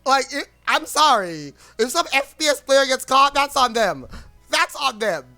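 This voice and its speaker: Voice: sits high, very animated, measured pace, sharp tone, soft background music. A streamer in a casual livestream rant, rambling and blunt, with frequent swearing.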